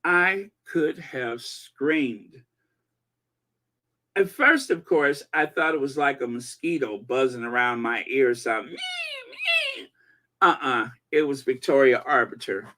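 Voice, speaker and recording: A man hosting a live-stream commentary, reading viewer comments aloud in an animated, gossipy way. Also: mid-range voice, slow. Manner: animated and gossipy, breaking into laughter. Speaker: channel host.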